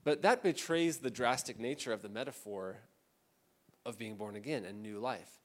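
A male pastor giving a sermon in a conversational, animated way, acting out the voices he quotes. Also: medium pitch, moderate pace. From Southern California. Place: church.

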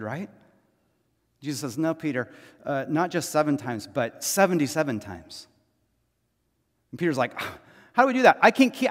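A man's voice: mid-range voice, big-room sound. A man preaching a sermon as pastor, acting out the people in a parable with casual, conversational voices.

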